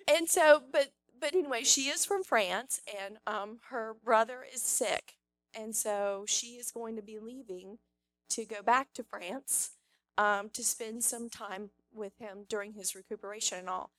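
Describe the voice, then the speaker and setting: High-voiced woman sharing an excited testimony. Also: moderate pace, no echo. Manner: rambling, excited, full of fillers. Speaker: church member giving a testimony. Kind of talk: spontaneous testimony.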